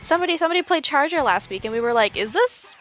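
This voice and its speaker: A woman's voice: high-pitched, expressive, very fast, fairly bright tone, faint music behind. A young woman commentating a live esports tournament, joking in playful mock outrage and wandering off on tangents.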